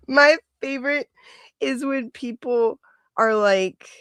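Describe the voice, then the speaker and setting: A woman's voice: high voice, a bit bright, clear, resonant tone, no room sound. A woman hosting a casual livestream, chatting and laughing often as she greets viewers by name. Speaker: livestream host.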